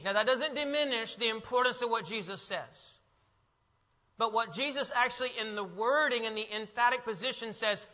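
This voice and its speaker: A male pastor preaching a sermon in a church, moving from hushed reflection to emphatic, rising delivery. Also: very high voice, a little fast. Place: church sanctuary. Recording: muffled sound with long hall echo.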